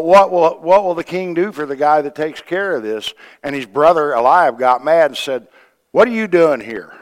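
A man's voice: mid-range voice, a bit bright, long reverb tail. A man preaching a sermon, retelling a scripture story in a folksy way with quoted voices and asides to the church. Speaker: pastor.

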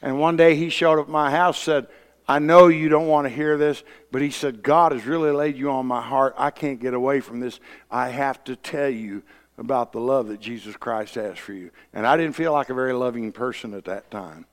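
A man's voice: medium pitch, normal speed. Folksy preacher man in a reverberant hall. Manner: folksy storyteller, blunt, rising to loud emphasis. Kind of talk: sermon with personal testimony. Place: church sanctuary.

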